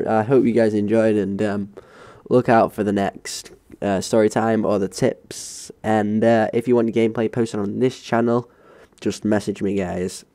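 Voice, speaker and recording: A young Englishman with a low, gravelly voice telling a school story over gameplay. He sounds dark and mellow in tone, and his delivery is casual, rambling and sweary. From England. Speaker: gaming channel host.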